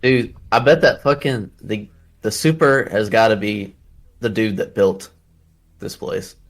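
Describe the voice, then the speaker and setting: A man's voice: fairly low pitch, a little slow, gravelly. A man playing a tabletop game, chatting casually and rambling as he searches for words. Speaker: player. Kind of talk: casual chat.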